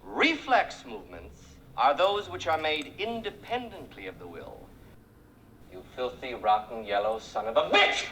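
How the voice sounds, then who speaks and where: An actor playing a prim, high-strung young surgeon with precise diction who bursts into shouting fits, in a 1970s film comedy. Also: male voice, huge pitch swings, a little slow, slight background noise, full character voice, rough recording. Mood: lecturing. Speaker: lecturing professor.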